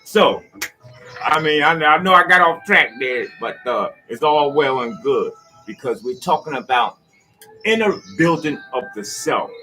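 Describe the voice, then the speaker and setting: A man with giving a rambling, preachy motivational monologue that swings from loud outbursts to low asides. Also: lively intonation, measured pace, faint music behind. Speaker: speaker giving a motivational talk.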